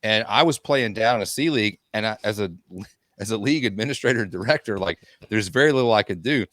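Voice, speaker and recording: A man co-hosting a podcast, telling stories in casual chat in an animated, teasing way. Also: fairly low pitch, fast talker, no room sound. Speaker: podcast co-host, hockey league director.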